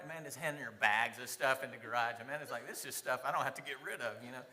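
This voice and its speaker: A man teaching a church Sunday class, telling a story in an animated way, often laughing and acting out the lines of the people in it. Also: mid-range voice, rapid-fire, hardly any pauses, in a large hall. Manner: animated, laughing, acts out quoted dialogue.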